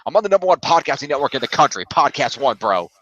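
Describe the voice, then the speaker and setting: Man doing a cocky New York mafia-type, sneering and sarcastic, fast delivery. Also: mid-range voice, big pitch swings, a bit bright, no echo, highs cut off. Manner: mocking, sarcastic delivery of a read-out statement.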